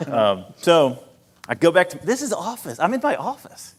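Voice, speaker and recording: A man's voice: mid-range voice, expressive, fairly quick. A man as a talk-show guest telling a self-deprecating story, acting out his own lines. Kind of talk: storytelling interview. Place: church event stage.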